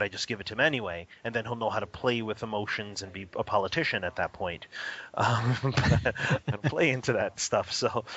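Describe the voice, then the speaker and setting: A man with a lowish, bright, forceful voice answers interview questions. He talks in an animated way and laughs often. The audio is a little dull and lo-fi. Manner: animated, laughs often, acts out a toddler's cries. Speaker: interview guest, spiritual teacher. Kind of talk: casual interview.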